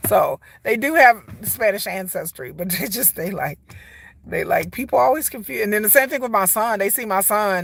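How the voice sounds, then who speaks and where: A woman's voice: medium pitch, gravelly, a bit bright, dry recording. A woman in her forties chatting casually to camera as a vlogger, rambling, laughing often and mimicking people. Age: 40s.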